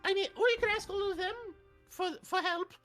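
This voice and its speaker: A woman's voice: very high voice, fairly even intonation, a little fast, a bit bright, faint music behind, pitched above the performer's own voice. A woman voicing a rambling, apologetic townswoman at a festival in a tabletop game. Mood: flustered chatty. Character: flustered chatty festival townswoman.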